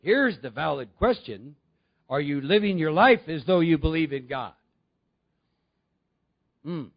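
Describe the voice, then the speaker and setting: High, gravelly man addressing a meeting. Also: animated, measured pace, lo-fi sound. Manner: conversational, asks the audience questions. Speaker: recovery speaker. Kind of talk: talk to a recovery meeting.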